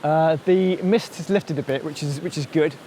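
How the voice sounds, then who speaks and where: A man's voice: a little high, normal speed, dark tone, a little hiss or hum. A man vlogging casually while out hiking, talking through the route and his gear with a joking, thinking-aloud manner. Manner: chatty, jokey, thinks aloud while walking. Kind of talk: casual outdoor vlog chat. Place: windy hillside outdoors.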